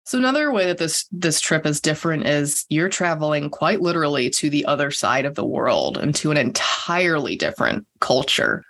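An interviewer who guides the conversation with encouraging questions. The voice is mid-pitched with a gravelly texture. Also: lively intonation, moderate pace, few pauses, a bit bright.

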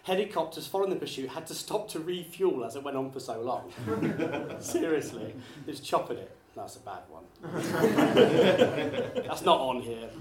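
Stand-up comic, echoey stage. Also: male voice, on the high side, very animated. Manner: chatty, addressing the crowd with quick apologetic asides. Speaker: stand-up comedian. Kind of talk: live stand-up routine. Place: small theatre studio with a live audience. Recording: echoey live room, faint ambience.

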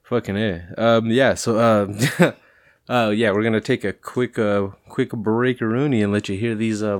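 A man's voice: lowish voice, fairly even intonation, unhurried. A man co-hosting a podcast, talking loosely and swearing a lot, rambling with fillers while stoned. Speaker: podcast co-host. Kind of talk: casual podcast chat.

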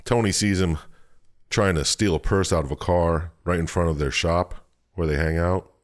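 A man's voice: low voice, steady tone, moderate pace. A man co-hosting a podcast, casually retelling a game's story with frequent laughs and swearing. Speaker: podcast co-host. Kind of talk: casual chat recapping a video game.

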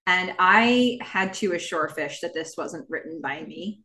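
A woman's voice: on the low side, lively intonation, a little slow, sharp tone. A woman co-hosting a podcast in casual chat, reading listener emails aloud and laughing often. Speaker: podcast co-host.

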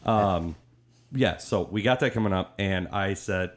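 A man's voice: low voice, unhurried. A man hosting a casual podcast chat, rambling and joking with his co-hosts. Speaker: podcast host.

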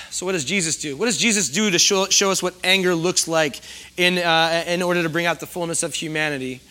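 A middle-aged man gives a sermon in a relaxed, chatty way. His voice is bright and sits a little high for a man. He pokes fun at himself and keeps asking the congregation questions. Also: brisk. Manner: conversational, self-deprecating, asks the audience questions. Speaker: pastor.

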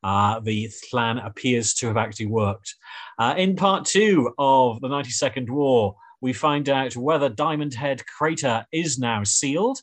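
A man's voice: medium pitch, animated, a little slow. A man hosting a podcast, rambling and hesitant with many fillers as he reviews a TV episode. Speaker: podcast host. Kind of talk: casual review chat.

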